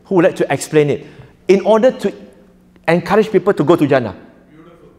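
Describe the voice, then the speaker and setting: A man's voice: on the high side, animated, fast, a little mellow, long reverb tail. A man teaching a live audience in an interactive lecture, joking often and quizzing listeners. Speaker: preacher teaching a workshop.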